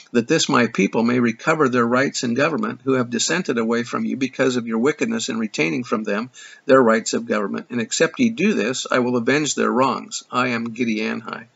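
A man lending his voice to a haughty chieftain of robbers who writes sarcastic, condescending threats. The tone is mock-polite and gravelly. The recording is dull and lo-fi. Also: medium pitch, a bit bright.

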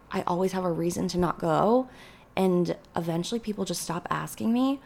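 A woman's voice: on the low side, vocal fry, darkish tone. A woman hosting a casual solo podcast, giving rambling, chatty advice full of "like" fillers.

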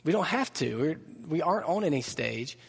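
A man preaching a sermon in a relaxed, conversational way, mixing humor and asides into the message. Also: on the high side, normal speed, gravelly, breathy edge. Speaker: pastor. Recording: long reverb of a large hall.

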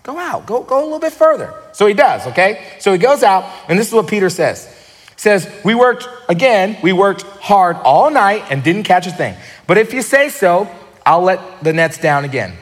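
High-pitched Southern preacher man, echoing hall. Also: moderate pace. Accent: Southern American. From American South. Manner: animated, acts out scenes in quoted voices. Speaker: pastor. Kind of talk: sermon. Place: church sanctuary.

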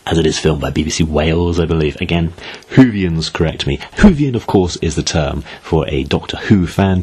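A man from Britain hosts a solo podcast in a low, husky voice. He talks in a chatty, wry way, thinking aloud and dropping in asides as he goes. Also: a little mellow. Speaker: podcast host.

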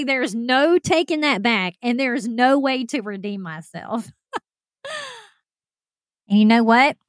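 A woman hosts a podcast, telling a personal story in an animated, self-deprecating way and talking straight to her listeners. Her voice sits a little high. The sound is close and dry, with no room around it. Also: dry recording. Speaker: podcast host.

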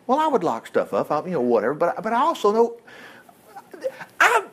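A male pastor, preaching a sermon and retelling a Bible story in a lively, conversational way. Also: high-pitched, brisk, pauses often, husky. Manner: animated storytelling preacher, jumps between whispers and loud exclamations.

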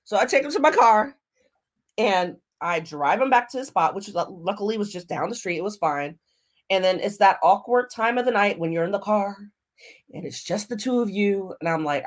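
A woman hosting her own podcast and telling a story in a casual way, animated and laughing as she acts out what people said. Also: mid-range voice, normal speed. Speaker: podcast host.

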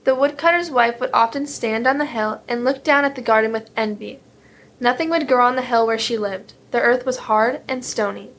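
A woman reading a fairy tale aloud in a steady, clear storytelling manner. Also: on the high side, moderate pace.

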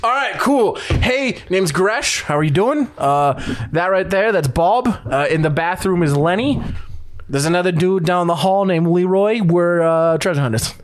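A man voicing a friendly half-orc male burglar in a tabletop game, talking loudly and goofily. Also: high-pitched, expressive, measured pace.

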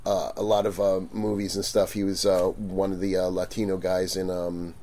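A man telling stories in a casual chat, animated, laughing and acting out quotes loudly. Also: deep voice, moderate pace. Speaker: guest vendor.

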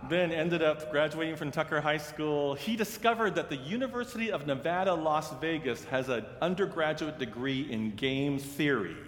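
A man's voice: a little high, lively intonation. Man preaching in an echoey hall. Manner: earnest, grows hushed and slow in sad parts. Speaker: pastor and seminary teacher. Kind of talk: storytelling sermon. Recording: reverberant hall with faint ambience.

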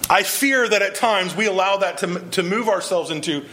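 A man's voice: high-pitched, normal speed, sharp tone. A male pastor preaching a sermon, earnest and emphatic, pressing his point with repeated rhetorical questions.

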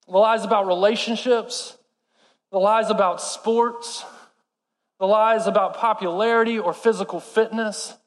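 High-voiced preacher in an echoing hall. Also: male voice, fairly even intonation, unhurried. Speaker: pastor. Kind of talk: sermon. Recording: long hall reverb.

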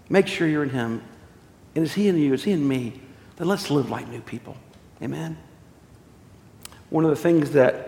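A man's voice: mid-range voice, a little mellow. A male pastor preaching earnestly, asking rhetorical questions, in a church sanctuary. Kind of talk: sermon. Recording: echoey hall, long reverb.

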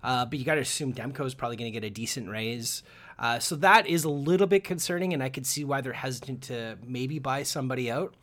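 A man's voice: mid-range voice, fast talker, a bit bright. A man co-hosting a casual sports podcast, chatty, with many fillers and restarts. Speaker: podcast co-host.

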